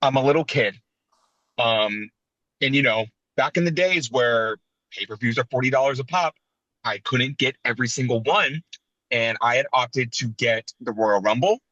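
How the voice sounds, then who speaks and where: A man in his thirties co-hosting a casual wrestling podcast, telling animated, sentimental stories. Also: mid-range voice, dry recording, poor audio. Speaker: podcast co-host.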